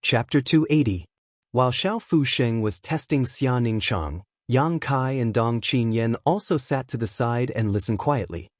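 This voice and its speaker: A male narrator reading a fantasy audiobook in an even, steady way. His voice is mid-pitched, and the recording is dry and close with no room echo. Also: unhurried. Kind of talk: scripted narration.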